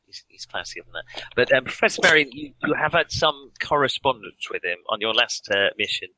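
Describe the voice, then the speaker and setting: A man narrating a tabletop game as game master, halting with frequent ums and restarts. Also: medium pitch, lively intonation, bright, forceful tone, dry recording, low-quality recording. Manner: hesitant, many ums and restarts.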